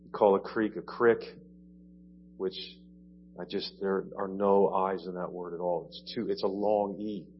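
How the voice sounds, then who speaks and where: A man's voice: low-pitched, flat delivery, moderate pace. Man preaching a conversational sermon. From Ohio. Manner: conversational, explaining with asides. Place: church. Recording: dull lo-fi church audio, faint hum.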